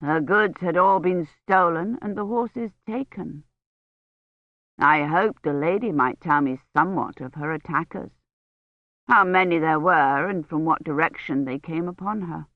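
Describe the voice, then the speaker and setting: A woman reading a kind young male knight who speaks slowly and over-distinctly. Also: deep voice, no room sound, dull audio. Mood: earnest. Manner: slow, over-distinct, emphatic speech.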